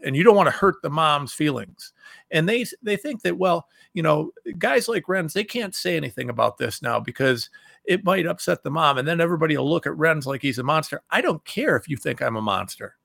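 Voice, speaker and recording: A middle-aged talk show host from Ohio delivers angry political commentary in a gravelly, bright voice. The recording is dry and close with no echo, and he swings between loud outbursts and low muttering.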